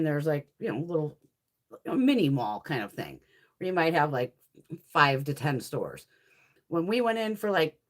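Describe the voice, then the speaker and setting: A chatty woman talking casually as she swatches makeup for her viewers. Her pitch swings up and down with a lot of life, and she drops swear words and laughs easily. She talks back to viewers' comments in a loose, unscripted way. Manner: chatty, profane, laughs often; answers viewers' live comments. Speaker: beauty haul host.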